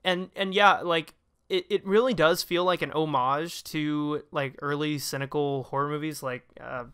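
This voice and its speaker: Bright-voiced, clear man talking movies. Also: on the high side, steady tone. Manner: quick, enthusiastic, rattles off comparisons. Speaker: guest reviewer. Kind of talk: casual movie review chat.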